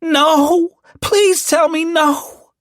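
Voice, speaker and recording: A man voicing a grief-stricken young wife who sobs and pleads in a high, strained voice. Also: steady tone, drawn-out words, dry recording, clean studio sound, heavily acted. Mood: sobbing. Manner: sobbing, high-pitched pleading.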